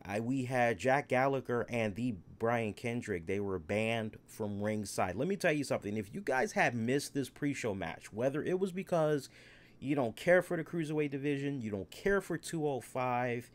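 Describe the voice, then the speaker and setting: Animated man rambling through a wrestling review. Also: mid-range voice, moderate pace. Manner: animated, rambling, repeats phrases. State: tipsy after one beer, hiccuping. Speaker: wrestling show host. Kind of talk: live solo aftershow review.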